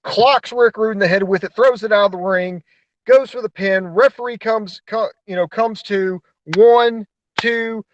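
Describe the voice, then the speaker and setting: A high-voiced man co-hosting a casual podcast. He tells stories in a profane, animated way and acts out the big moments. The recording is dry and close. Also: moderate pace, no room sound, lo-fi sound. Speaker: co-host. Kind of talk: casual podcast chat, storytelling.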